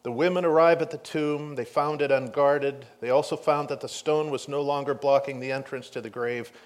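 A man giving a sermon, reading scripture aloud and retelling the story with animated swings between hushed and loud delivery. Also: mid-range voice, normal speed. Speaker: pastor.

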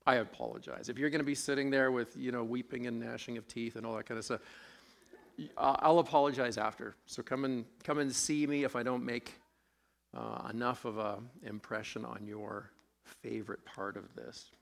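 A man's voice: mid-range voice, normal speed, creaky. A man preaching a sermon, conversational and self-deprecating, with a sore throat, asking his congregation questions as he goes. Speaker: pastor.

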